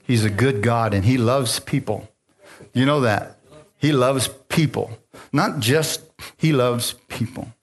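A man's voice: mid-range voice, takes it slowly, breathy edge. A man preaching a sermon, calling out to the congregation with frequent amens and hallelujahs and easy laughter. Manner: call-and-response, lively preaching with laughs. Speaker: pastor. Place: church sanctuary.

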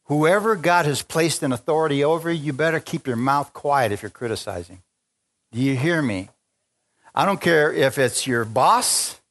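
A man's voice: on the high side, fairly bright tone. Fervent male preacher in a large church. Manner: fervent, rising to exclamations and calls to the congregation. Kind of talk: spontaneous sermon.

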